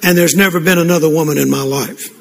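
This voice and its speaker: A man's voice: fairly high pitch, steady tone, fast, gravelly, a crowd in the background. An older man preaching a sermon to a congregation, telling folksy stories with frequent restarts. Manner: folksy storytelling with repeated restarts. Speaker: pastor. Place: church. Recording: echoey hall with congregation responses.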